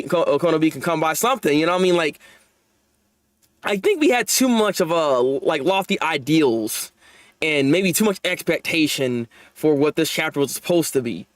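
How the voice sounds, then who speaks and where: A young man hosting a live manga chapter reaction, animated and laughing often as he talks to his viewers. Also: a little high, no echo.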